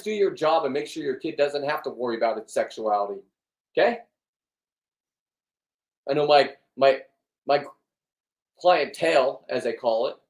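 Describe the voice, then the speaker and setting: A middle-aged man in a rambling, blunt vlog monologue, swearing often and restarting his sentences. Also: fairly high pitch. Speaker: vlogger. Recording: echoey room, distant from the mic.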